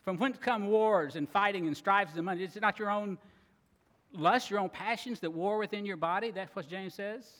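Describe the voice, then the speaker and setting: A man preaching a sermon, earnest and expressive, now and then acting out grumbling voices. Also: high-pitched, moderate pace. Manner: earnest, acts out grumbling voices, laughs at times. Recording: long reverb of a large hall.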